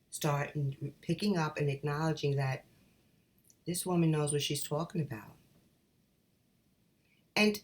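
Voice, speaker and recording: A middle-aged woman coach giving calm, encouraging advice straight to her viewers, whom she calls ladies. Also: low-pitched. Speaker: life coach. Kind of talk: motivational talk to camera.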